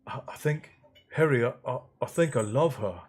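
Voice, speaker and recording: A man's voice: on the high side, wildly swooping pitch, dark tone, husky, pitched above the performer's own voice, exaggerated voice. Ron, a man doing a dazed lovestruck teen boy. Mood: dreamy. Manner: halting, breathless stammering. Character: lovestruck teenage boy wizard, dazed and breathless.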